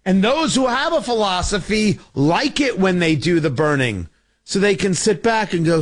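A man's voice: high-pitched, animated, moderate pace. A man hosting a call-in talk radio show, delivering a fiery, sarcastic political monologue.

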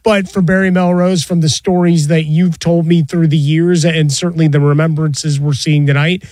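A man co-hosting a sports talk show in a relaxed, conversational way. His voice sits slightly high, and the recording is close and dry. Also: moderate pace, no room sound, rough recording. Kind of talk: casual discussion.

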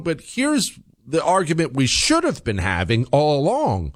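A man hosting a radio talk show, delivering an emphatic political commentary monologue and slowing down to stress his points. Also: fairly high pitch, dry recording, studio quality. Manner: animated, emphatic, slows down for emphasis.

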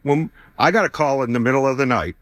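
A man's voice: mid-range voice, quick pace, no echo. Middle-aged man, personal testimony, easygoing storyteller who chuckles and quotes people, dead-dry recording. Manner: conversational, acts out dialogue, chuckles often.

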